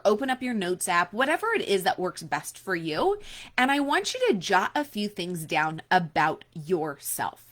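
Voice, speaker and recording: A woman's voice: mid-range voice, fairly bright tone. A woman in her forties coaching listeners in a casual workshop, chatty and upbeat, speaking straight to the listener. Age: 40s. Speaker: online business coach.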